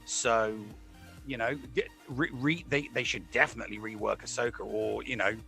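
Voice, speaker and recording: A man's voice: mid-range voice, steady tone, normal speed, creaky, pushed and bright, soft background music. A man chatting casually about a game, hesitant, with many fillers and restarts. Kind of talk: casual chat.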